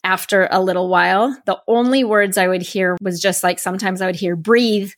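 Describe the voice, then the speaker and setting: A woman's voice: medium pitch, steady tone, normal speed, dry recording, studio quality. A woman podcast host, recounting a personal experience in a reflective, storytelling way and voicing her own thoughts as quotes.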